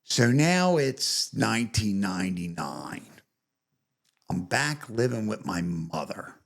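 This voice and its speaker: Gravelly husky man in his fifties. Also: lowish voice, very animated, a bit bright. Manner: rambling, halting retelling with restarts. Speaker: podcast guest. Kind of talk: personal testimony storytelling.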